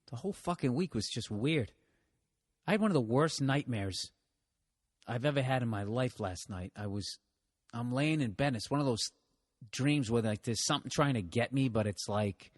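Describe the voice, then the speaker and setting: A middle-aged man hosts a podcast in a medium-pitched voice, captured dry and clean in a studio. His comic tale wanders, mocks himself, and is full of swearing, with laughter running through it.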